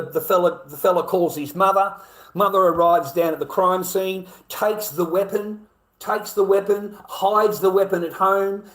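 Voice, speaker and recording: A man with an Australian accent delivering a blunt, profane rant, full of swearing and repeated phrases. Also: on the high side. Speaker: vlogger. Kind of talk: angry ranting monologue. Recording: echoey room.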